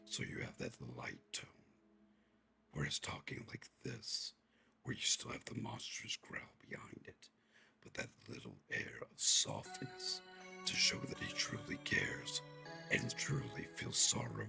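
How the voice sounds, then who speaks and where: A man putting on the voice of a huge male monster, deep and gravelly with a rolling growl. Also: big pitch swings, unhurried, sharp tone, in a whisper, soft background music, exaggerated voice. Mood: soft, breathy.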